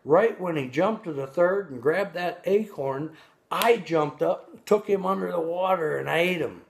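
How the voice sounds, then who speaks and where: A man voicing a boastful old male bass fish who spins a tall tale in a casual, bragging manner. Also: measured pace, vocal fry, a little hiss or hum.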